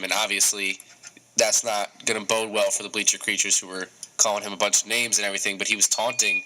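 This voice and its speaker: Bright-voiced young man ranting about sports. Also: lowish voice, fairly quick, poor audio. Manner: animated, repeats words when worked up. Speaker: co-host. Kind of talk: casual sports radio talk.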